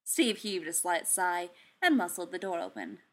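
A woman narrating a piece of fan fiction aloud, with expressive storytelling. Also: on the low side, moderate pace.

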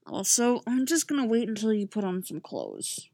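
A woman's voice: on the high side, wildly swooping pitch, moderate pace, mellow, no room sound, exaggerated voice. A woman reading a story, voicing a sulky, nervous young man who mumbles complaints.

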